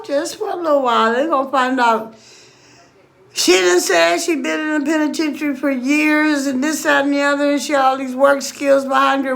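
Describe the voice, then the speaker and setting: A woman telling a long rambling story in casual chat, animated, often laughing and acting out quoted voices, blunt and profane. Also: on the high side.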